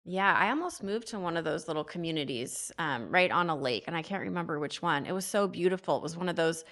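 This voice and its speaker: A woman's voice: on the low side, animated, quick pace, fairly bright tone. A woman hosting an interview podcast, chatty and upbeat in conversation. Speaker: podcast host.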